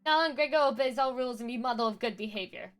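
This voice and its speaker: A woman's voice: fairly high pitch, fast, a bit bright, close to an everyday voice. Lady doing a big jolly mercenary guy, broken grammar, talks about himself by name, bit of music behind. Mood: jovial. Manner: jovial and swaggering. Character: boastful burly male mercenary with broken speech.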